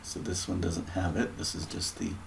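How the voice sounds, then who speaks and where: A man thinking aloud through a scripture and word study, often clearing his throat. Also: deep voice, completely flat delivery, normal speed, a little hiss or hum. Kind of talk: musing scripture study talk.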